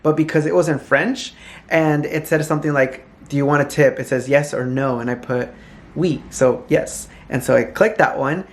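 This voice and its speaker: A young man talks casually and animatedly to his phone camera inside a hotel, laughing now and then. His voice sits a little high for a man. A faint ambient hum runs under the recording. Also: normal speed. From California. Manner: chatty, animated, laughs often. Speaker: vlogger. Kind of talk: casual vlog chat to camera.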